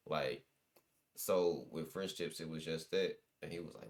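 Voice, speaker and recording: A man's voice: very deep voice, moderate pace. A young man, a guest musician, telling stories in loose, slangy casual chat with lots of restarts.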